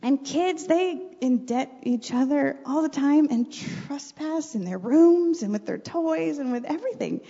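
Gravelly-voiced middle-aged mother, reflective. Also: sits high, measured pace, hardly any pauses. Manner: earnest, faith-centered, animated when retelling. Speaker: mother and podcast guest. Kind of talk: reflective personal storytelling. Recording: dull recording with long reverb.

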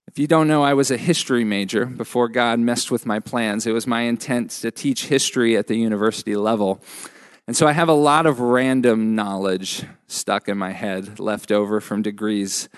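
A man preaching a sermon as a pastor, measured and emphatic with frequent pauses. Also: mid-range voice, steady tone, clean tone, dry recording, studio quality.

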